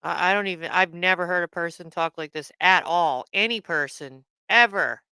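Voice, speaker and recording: Forceful, indignant woman streamer. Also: on the low side, moderate pace, clean tone, no echo. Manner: indignant, repeats herself, swears. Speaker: livestream host. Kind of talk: livestream reaction commentary.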